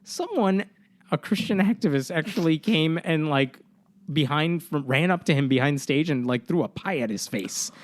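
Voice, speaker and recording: A man's voice: on the high side, animated, moderate pace. A young man co-hosting a podcast in casual chat, rambling with many fillers and restarts. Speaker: podcast co-host.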